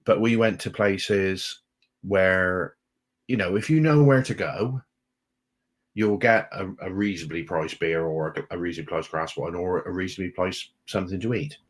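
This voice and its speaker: A man co-hosting a travel live stream, talking in a relaxed, plain-spoken way and often repeating himself. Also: low voice, normal speed. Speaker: travel vlog co-host. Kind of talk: casual live stream chat.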